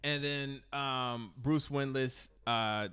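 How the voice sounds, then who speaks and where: A man co-hosting a sports podcast, relaxed, asking questions and teasing his partner. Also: medium pitch, slow, clear, resonant tone. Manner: laid-back, asks questions and teases. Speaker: podcast co-host. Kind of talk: casual sports chat.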